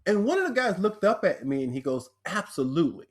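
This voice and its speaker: This speaker and author shares personal stories on a podcast, lively and performing the voices of those he quotes. His voice is high and he speaks quickly.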